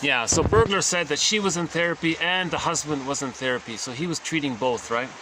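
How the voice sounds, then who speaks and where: A man's voice: fairly high pitch, fairly quick, background noise. A man casually explaining psychoanalytic ideas, conversational and often checking in with his listeners. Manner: conversational, self-correcting, checks in with "right?". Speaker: teacher.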